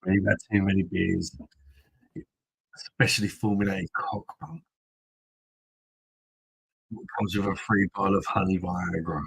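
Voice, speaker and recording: Male host, deep husky voice, loose crude banter with viewers. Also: measured pace, long pauses, fairly bright tone, no echo, rough recording. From Kent, England. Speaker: host of a beer review live stream. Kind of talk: casual live-stream chat.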